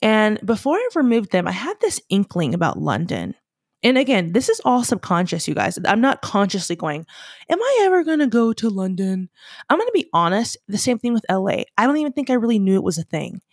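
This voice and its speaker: A woman's voice: medium pitch, sing-song, brisk, dry recording. Chatty young woman, dry sound. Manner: chatty, rambling, many "like" fillers. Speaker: vlogger, fashion student. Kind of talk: casual storytelling to viewers.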